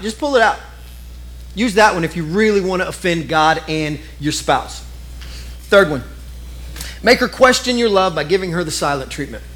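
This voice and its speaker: A middle-aged man preaching a sermon in a lively, conversational way, often turning to the congregation with quick asides. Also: a little high. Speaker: pastor.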